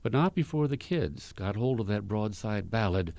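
A man hosts a radio show, spinning folklore in a folksy, rambling way full of restarts. His voice is mellow and warm-toned, recorded dry and close in a studio. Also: lowish voice, lively intonation, moderate pace, gravelly, no room sound. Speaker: folk music radio host.

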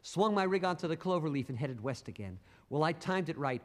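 A man's voice: a little high, expressive, fairly quick, hardly any pauses, long reverb tail. A man telling a rhyming story in a rhythmic, punchy spoken-word recitation.

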